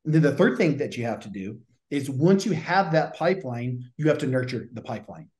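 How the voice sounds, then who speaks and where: A man's voice: medium pitch, very animated, brisk, darkish tone, reverberant. A man with a Southern accent, a gym business coach hosting a show, talking in a punchy, pushy way and swearing casually. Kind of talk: energetic coaching talk.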